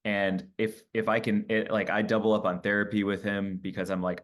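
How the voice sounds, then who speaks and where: Low-voiced man telling candid stories. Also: a little fast, few pauses. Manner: animated storytelling, acts out his own quoted lines. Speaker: comedian guest. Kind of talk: candid interview conversation.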